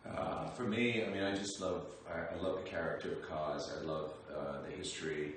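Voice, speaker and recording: Deep-voiced man, echoey far-off sound. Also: steady tone, moderate pace. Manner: friendly, chuckling, hesitant fillers. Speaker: voice actor reading fan questions. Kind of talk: casual livestream chat. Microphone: phone some distance away. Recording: echoey room, voice from far off, faint background noise.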